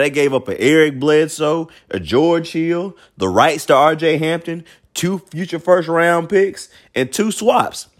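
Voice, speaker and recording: A man hosting a sports talk show, giving a blunt, opinionated basketball commentary monologue in a colloquial way, often repeating himself. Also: on the high side.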